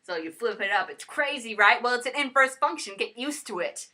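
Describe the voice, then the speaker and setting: A woman's voice: fairly high pitch, lively intonation, brisk, bright, forceful tone. A woman co-hosting a playful homemade math lesson skit, rambling and stumbling over the math terms as she explains.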